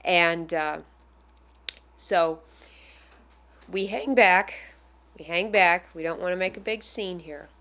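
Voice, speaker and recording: A woman casually telling a personal anecdote as a fan, animated and acting out the people she quotes. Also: on the low side, takes it slowly, long pauses. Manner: animated, acts out the voices of the people in her story.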